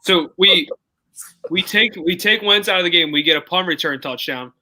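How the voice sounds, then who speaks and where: A man co-hosting a live game watch-party podcast, talking excitably. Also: sits high, normal speed, rough recording. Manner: excitable, animated. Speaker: podcast co-host.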